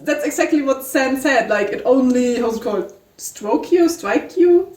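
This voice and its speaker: A giggly woman co-host who reacts loudly to every story twist in casual chat. Her voice is high, and it comes through echoey and from some way off the mic. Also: lively intonation, normal speed. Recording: roomy, distant home mic.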